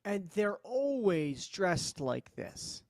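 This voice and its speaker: A man's voice: high voice, sing-song, slow pace, darkish tone. A man co-hosting a live podcast in casual chat, wry and mocking, speaking in short bursts over a video call. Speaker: podcast co-host.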